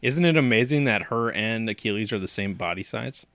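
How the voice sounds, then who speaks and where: A man casually riffing on a movie with friends, making dry, low-key remarks. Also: lively intonation, fairly quick, fairly bright tone, no room sound.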